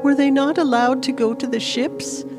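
A woman voicing a grieving young elf woman in an audiobook, pleading and rising in pitch, with fantasy music playing behind her. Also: slow pace. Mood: anguished. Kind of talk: audiobook character voice.

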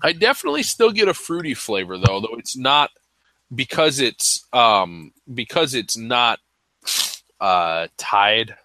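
A man's voice: medium pitch, very animated, a little slow, pushed and bright, no room sound. A man co-hosting a cigar podcast in casual chat, hesitant and careful as he qualifies his tasting notes.

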